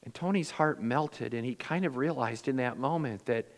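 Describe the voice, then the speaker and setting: A male pastor delivering a sermon, swinging from loud, emphatic lines to hushed, quiet ones, and acting out the voices in his stories. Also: mid-range voice, normal speed, big-room sound. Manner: acts out quoted voices in storytelling.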